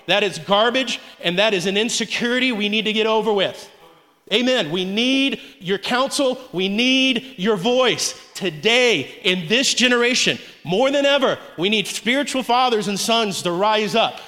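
A young male pastor preaches with a high-pitched voice, driving his sermon forward with constant calls of "come on". His voice carries through a large hall with a long, lingering reverb. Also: normal speed, sharp tone. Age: young adult.

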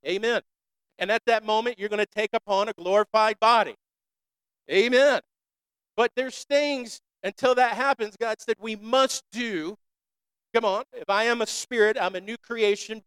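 A man's voice: sits high, fairly bright tone, clear, resonant tone, no room sound. A man preaching a sermon, calling on the congregation to repeat after him and stretching out key words.

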